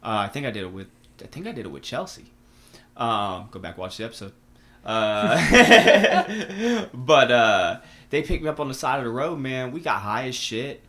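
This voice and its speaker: A young man on a podcast, telling stories in an animated, slangy way with lots of swearing. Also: mid-range voice, fast talker. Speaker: podcast guest. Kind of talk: casual conversation.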